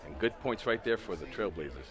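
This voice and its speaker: A man giving color commentary on a high school football game in a relaxed, agreeable way, breaking down plays. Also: fairly quick, a faint crowd. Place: outdoor stadium with crowd.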